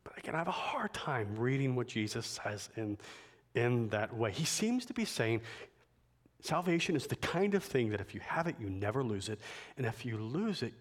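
A man preaching a sermon, building to emphatic, forceful points. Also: medium pitch. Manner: emphatic preacher, rising to forceful climaxes, slow deliberate phrasing. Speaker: pastor.

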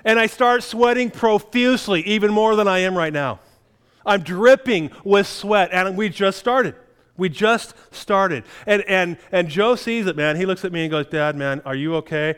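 A man's voice: high voice, moderate pace, a bit bright, clear, resonant tone. A middle-aged man preaching a sermon, telling a personal story in a self-deprecating way with chuckles. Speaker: pastor.

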